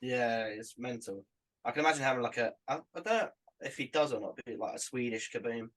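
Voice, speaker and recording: A man's voice: mid-range voice, fairly quick, a bit bright, low-quality recording. A man on a casual podcast, talking in a laid-back, hesitant way with lots of fillers.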